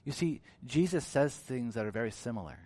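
A pastor preaches a sermon a little fast and with great animation. He acts out quoted voices, swinging widely in pitch and loudness.

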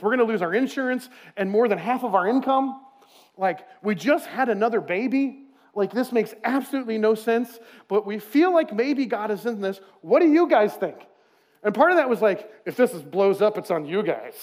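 A man's voice: sits high, darkish tone. A man preaching a sermon as pastor, conversational and earnest, acting out quoted asides.

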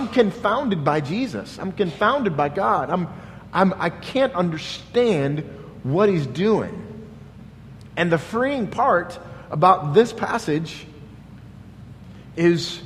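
A man preaching a sermon in an earnest, searching manner, his voice high and his delivery slow. He restarts his sentences often as he works through his questions. The sound carries a long hall reverb over a faint low rumble. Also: very animated. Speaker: pastor.

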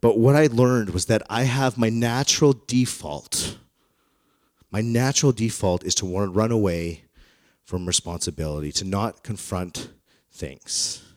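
A man in his thirties preaching a sermon through personal stories, in a conversational, self-deprecating manner that grows animated when he retells dialogue. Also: lowish voice, a little slow, no echo, studio quality. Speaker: pastor. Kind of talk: storytelling sermon.

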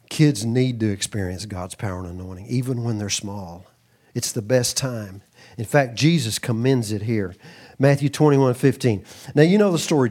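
With a mid-range voice, a middle-aged preacher from Texas delivers a lively, animated sermon. He frequently breaks off for asides and performs the voices he quotes.

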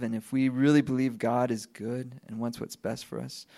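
A man's voice: medium pitch, fairly even intonation, normal speed, few pauses, a little mellow. Man preaching, conversational and questioning. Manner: conversational preaching with rhetorical questions and light laughs. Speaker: pastor. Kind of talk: sermon.

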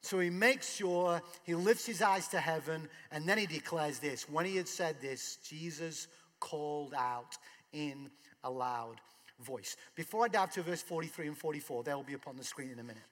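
A man's voice: a little high, normal speed, a bit bright, long reverb tail. A man preaching a sermon in a conversational way, asking rhetorical questions. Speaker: pastor.

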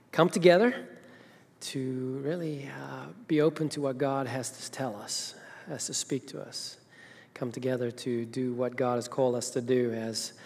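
A man's voice: medium pitch, darkish tone. A middle-aged man from Zimbabwe, a senior minister preaching a sermon in a chatty, storytelling way with filler hesitations. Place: large church hall. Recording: long reverb of a large church hall.

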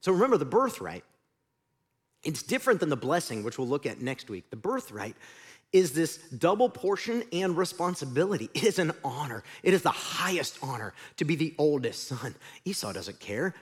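A middle-aged man preaching a sermon as pastor, animated, sometimes shouting and sometimes dropping to a quiet, intense tone. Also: fairly high pitch, moderate pace, slightly rough.

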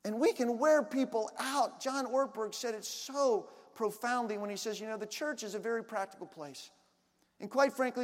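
A man preaching a sermon in a dynamic way, moving between loud, emphatic bursts and quiet, low asides. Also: moderate pace, in a large hall. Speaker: pastor.

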